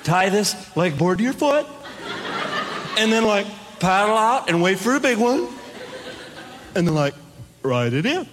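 A man's voice: high-pitched, big pitch swings, unhurried, long pauses, slight background noise. A man putting on the voice of a laid-back, muscular young male surfer who drawls and says "like" constantly. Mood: easygoing.

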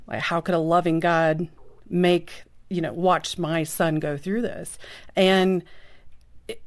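A woman guest talking earnestly and openly about her experience. Her voice sits a little low, and she sounds reflective throughout. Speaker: guest, mother of a disabled son. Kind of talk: candid personal testimony.

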